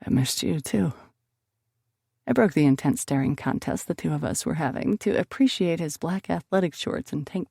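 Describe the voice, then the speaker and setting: Expressive woman narrating an audiobook. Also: fairly low pitch, vocal fry, dry recording, clean studio sound. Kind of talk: first-person audiobook narration.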